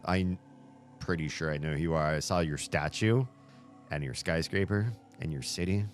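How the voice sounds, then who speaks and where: A man hosting a video game playthrough, chatting along in an animated way and laughing often. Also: a bass voice, moderate pace. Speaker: let's play host. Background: faint game music.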